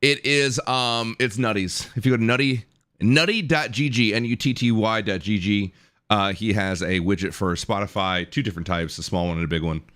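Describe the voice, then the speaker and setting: Hosting a live stream, this thirtysomething man keeps things casual and jokey, reading viewers' messages aloud and thanking subscribers. His voice is fairly low and fairly bright, at a normal speed.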